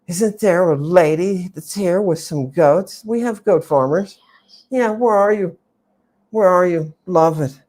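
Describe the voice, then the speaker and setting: A woman with a fairly low voice and measured pace hosts a livestreamed lecture for her chat audience. She's theatrical, repeats key words for emphasis, and swings between loud exclamations and quiet asides.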